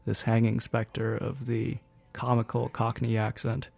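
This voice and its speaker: A man hosting a radio show, delivering a spoken essay in a measured, academic way with halting phrasing. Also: medium pitch, monotone, creaky, a little mellow, breathy edge, faint music behind. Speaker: radio host.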